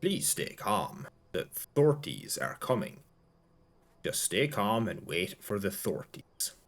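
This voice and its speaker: A man voicing an anxious male pastor with a deep, low voice, pleading with a crowd to stay calm. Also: takes it slowly, heavily acted. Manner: pleading, trying to calm people.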